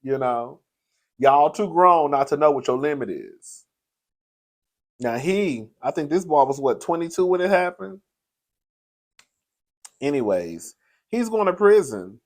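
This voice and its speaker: A man's voice: fairly high pitch, sing-song, a little slow, long pauses. A man hosting casual gossip commentary, chatty and sassy, laughing often and calling the audience girl. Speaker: host.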